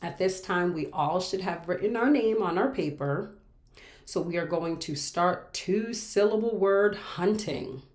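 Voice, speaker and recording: A woman teaching a reading lesson to children, speaking slowly and patiently and repeating each word with care. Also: on the low side, roomy sound. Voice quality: patient, repeats words carefully. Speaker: special education teacher. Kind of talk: slow, clear classroom instruction for children.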